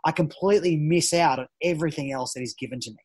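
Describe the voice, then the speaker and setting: Fast-talking energetic man. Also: a little high, breathy edge, poor audio. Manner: energetic, animated storytelling with many restarts. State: a parent at home. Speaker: judo coach and former Olympian, guest. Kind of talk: casual podcast interview.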